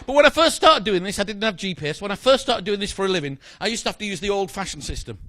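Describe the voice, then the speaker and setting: A man's voice: sits high, lively intonation, racing, bright, forceful tone, no room sound. A man performing a magic routine, chatting jokily with a volunteer from the audience on stage. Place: stage in front of a live audience.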